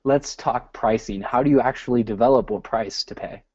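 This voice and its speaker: A man's voice: mid-range voice, normal speed, a little mellow, no room sound. A man hosting an interview, earnestly sharing his views and steering the talk with questions. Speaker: interview host. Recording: muffled call audio.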